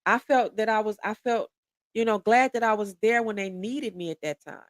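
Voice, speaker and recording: A woman's voice: medium pitch, normal speed, no echo, studio quality. A woman in her forties giving a candid podcast monologue, blunt and profane, often restarting and repeating words as she presses her point. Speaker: podcast speaker.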